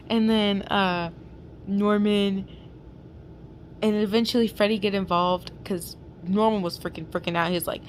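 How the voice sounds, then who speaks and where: A woman's voice: mid-range voice, steady tone, normal speed. Young woman, casual fanfic reader, chatty and filler-heavy, home mic with light background noise. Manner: chatty, giggly, lots of fillers. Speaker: fanfic reader and channel host. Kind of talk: casual chat and reading a fanfic aloud.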